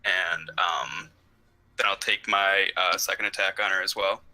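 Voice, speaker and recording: A man's voice: low voice, steady tone, unhurried, bright, forceful tone, rough recording. A young man playing a tabletop game, talking casually and hesitantly as he adds up his rolls. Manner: hesitant, full of ums while adding up rolls. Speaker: player.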